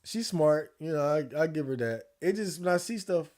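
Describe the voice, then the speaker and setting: A man streaming casual commentary, laid-back and slangy, swearing freely and laughing often, a little hoarse. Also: on the high side, expressive, fairly quick, a little mellow. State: losing his voice. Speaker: streamer reacting to election night.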